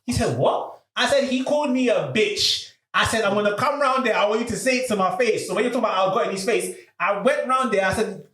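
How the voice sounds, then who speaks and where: A man, casually telling a story on a podcast. He is animated and uses a lot of slang, and he acts out the people in his story. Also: sits high, fast talker, hardly any pauses, echoey room. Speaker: podcast host.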